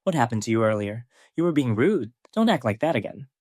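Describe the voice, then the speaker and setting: A man voicing an irritable, pushy male high-school student who talks in a snappy, annoyed way. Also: big pitch swings, fairly quick, darkish tone, no room sound, clean studio sound.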